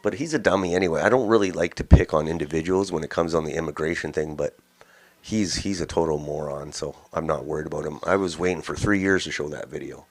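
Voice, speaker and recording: A man's voice: very deep voice, quick pace. A man hosting a daily news commentary show, talking in a blunt, rambling, mocking way. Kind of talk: casual opinion commentary.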